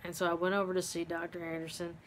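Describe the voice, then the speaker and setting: Middle-aged woman, halting storyteller, lowish voice. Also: monotone, slight background noise. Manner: halting, many ums and restarts. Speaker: vlogger living with dementia. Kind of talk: personal storytelling.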